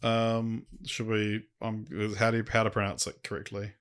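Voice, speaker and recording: A man's voice: fairly low pitch, completely flat delivery, moderate pace, heavy background noise. A man co-hosting a podcast in casual chat, easygoing, chuckling as he talks. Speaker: podcast co-host.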